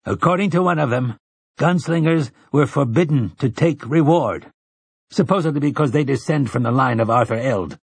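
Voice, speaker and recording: A man's voice: mid-range voice, expressive, normal speed, gravelly, husky, no room sound, voice pushed up. A man voicing an old male priest who speaks patiently and earnestly in a storybook reading. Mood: explaining.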